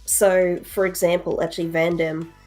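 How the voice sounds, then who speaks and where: A woman co-hosting a casual livestream chat, speaking in a blunt, matter-of-fact way. Her voice sits fairly low for a woman, and faint music plays underneath. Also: little pitch movement, normal speed, darkish tone.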